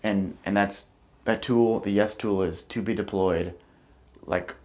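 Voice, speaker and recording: A man's voice: on the low side, steady tone, measured pace, a little mellow. A man hosting a podcast, chatting loosely with many fillers and murmuring agreement. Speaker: podcast host. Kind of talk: casual podcast conversation.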